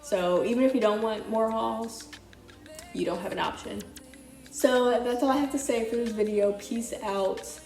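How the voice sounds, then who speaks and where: A woman's voice: fairly high pitch, moderate pace, darkish tone. Young woman rambling about thrift finds, kinda breathless, echoey room w faint music. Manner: chatty, loose, lots of "like". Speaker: vlogger. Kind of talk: casual thrift haul vlog.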